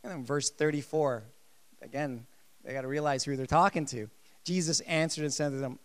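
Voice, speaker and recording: A man preaching a sermon, emphatic and lively, repeating his key phrases. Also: on the high side, a little fast. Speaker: pastor.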